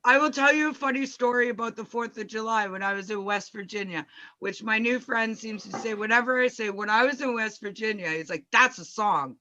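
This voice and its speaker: Brief: Canadian woman host, lively storyteller, sharp bright voice, slightly muffled lo-fi audio. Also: a little high, fairly quick. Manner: animated storyteller, acts out quoted voices. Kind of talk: casual chat. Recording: muffled lo-fi sound.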